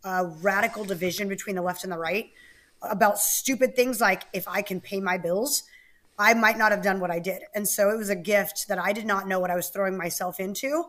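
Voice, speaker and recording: A woman's voice: mid-range voice, brisk, a bit bright. A woman guest in a podcast interview, bubbly and candid, laughing often as she tells her story. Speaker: guest, activist and author. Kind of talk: casual interview talk.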